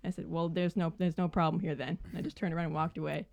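A young woman telling a work story casually on a podcast, animated and full of "like" fillers. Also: low voice, fast talker, gravelly, dry recording.

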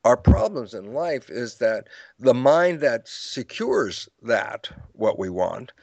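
A man's voice: mid-range voice, very animated, slow pace, vocal fry, dry recording, highs cut off. An older man explaining ideas in an interview, acting out his own lecture stories with quoted dialogue and frequent laughs. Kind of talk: storytelling explanation in conversation.

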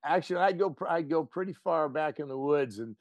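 A man guest on an interview show, chatting casually and telling stories with lively quoted voices. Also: fairly high pitch, fairly quick, dry recording. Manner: animated storyteller, playful voices for quotes. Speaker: actor guest.

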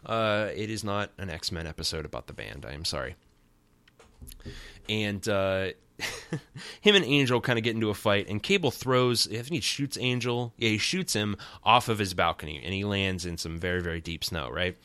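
A man's voice: lowish voice, moderate pace, bright, forceful tone, clear, resonant tone, dry recording. A man hosting a podcast, giving a rambling, wry and sarcastic recap of a cartoon episode. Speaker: podcast host.

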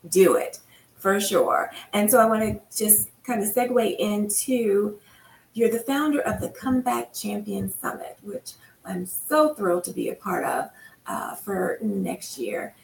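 Woman, interview host, enthusiastic, gravelly, roomy distant recording. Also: mid-range voice, unhurried. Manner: enthusiastic and chatty. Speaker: podcast host. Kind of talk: casual interview chat. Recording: roomy, distant mic with faint noise.

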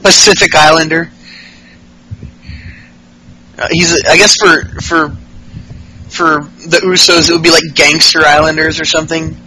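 A man's voice: fairly high pitch, level tone, moderate pace, sharp tone, slight background noise, rough recording. A man hosting a casual, profane podcast recap, acting out wrestlers' lines mockingly in raised voices. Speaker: podcast host.

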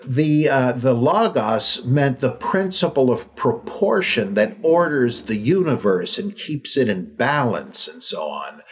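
A man's voice: medium pitch, breathy edge, muffled recording. A man hosting a podcast, answering listener questions in a wry, rambling way with many fillers and restarts. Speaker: podcast host.

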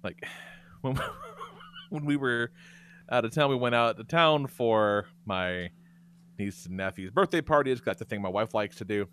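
A middle-aged man hosting a podcast, telling stories in a profane, animated way. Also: mid-range voice, a little slow, a little hiss or hum. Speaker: podcast host. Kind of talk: casual podcast chat.

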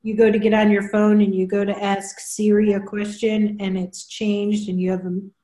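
A woman spiritual counselor chatting casually on a group video call, explaining in an unhurried way and often repeating herself. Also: mid-range voice, level tone, warm tone. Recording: roomy echo.

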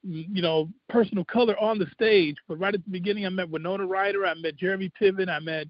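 A man's voice: high voice, fairly even intonation, fast, no echo. A middle-aged man from Chicago, a radio host telling rambling stories in casual chat. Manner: easygoing, rambling anecdotes with repeated words. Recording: dull, lo-fi, dry sound.

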